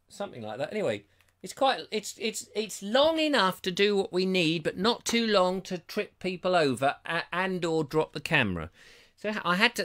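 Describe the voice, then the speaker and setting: A man hosting a live online show, reading out viewer comments in a playful, theatrical, mock-excited and teasing way. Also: fairly high pitch.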